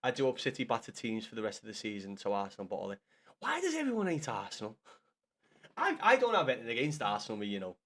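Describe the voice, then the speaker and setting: A man's voice: mid-range voice, huge pitch swings, quick pace, fairly bright tone. A young man chatting casually with his live-stream viewers in blunt, sweary banter. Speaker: livestreamer.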